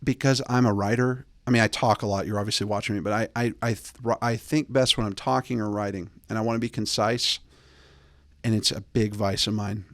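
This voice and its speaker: A man's voice: fairly even intonation, brisk, no room sound. A male host giving blunt, bossy dating advice in a casual monologue, close to the mic. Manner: blunt, bossy, mocks texts in a high put-on voice.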